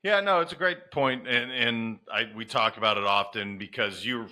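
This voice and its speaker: A man's voice: mid-range voice, normal speed, pushed and bright. A man hosting a podcast who interviews his guest in a casual, enthusiastic way and calls him brother. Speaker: podcast host.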